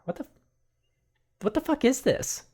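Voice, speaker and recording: A man's voice: extremely high pitch, very animated, normal speed, warm tone, voice pushed up, full character voice. A man voicing a blunt young woman who demands answers sharply. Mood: suspicious.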